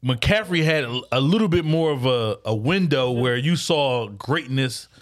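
A man's voice: mid-range voice, lively intonation, unhurried. A man in casual talk with friends, explaining his fantasy football picks at length with many restarts. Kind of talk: casual banter among friends.

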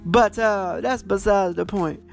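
A man hosting a casual podcast on his phone, retelling books and shows in an animated, profane, rambling way. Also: high voice, a little slow, gravelly, faint music behind. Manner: animated, profane storytelling with lots of fillers. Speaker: podcast host.

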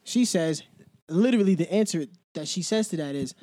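A man's voice: high-pitched, animated, fairly quick, mellow. A man co-hosting a podcast, telling a story in laid-back casual chat with street slang. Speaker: podcast co-host.

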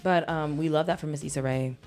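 A woman's voice: low-pitched, fairly even intonation, fast talker, a little mellow, faint music behind. A young woman co-hosting a podcast in a loose, profane, casual chat, laughing often. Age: young adult. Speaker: podcast co-host.

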